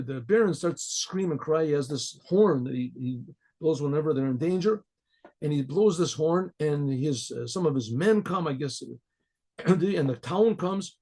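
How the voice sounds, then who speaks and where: Husky rabbi telling a story. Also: male voice, on the high side, darkish tone, poor audio. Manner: clears throat often, stumbles and repeats words. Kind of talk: casual oral storytelling.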